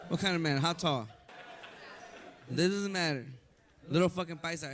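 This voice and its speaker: A man's voice: sits high, animated, brisk. A man doing live stand-up crowd work, brash, profane and teasing. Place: comedy venue with audience. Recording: live club, loud crowd and noise.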